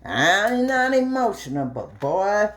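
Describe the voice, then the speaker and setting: Slow, animated middle-aged woman storyteller. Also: slight background noise. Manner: animated, acts out dialogue with big pitch jumps. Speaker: vlogger. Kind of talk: casual storytelling while cooking.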